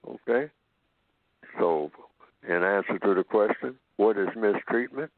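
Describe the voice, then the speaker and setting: A man's voice: on the low side, no echo. Man, radio show guest, patient explainer, phone-line sound, dry. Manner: explains slowly and acts out sample dialogues. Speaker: guest speaker. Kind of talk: call-in radio talk.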